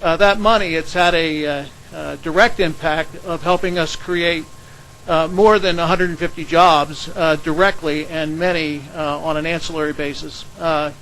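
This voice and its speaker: Fairly high-voiced guy, lots of uhs, supportive testimony, slight hiss. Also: fairly even intonation, a bit bright, low-quality recording. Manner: halting, many fillers. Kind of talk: public hearing testimony.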